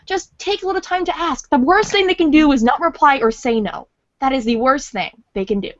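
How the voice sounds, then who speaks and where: Bubbly higher-voiced woman voice actor on a podcast. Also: brisk, dry recording, dull audio. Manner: excitable, rambling, repeats words for emphasis. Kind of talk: casual podcast chat.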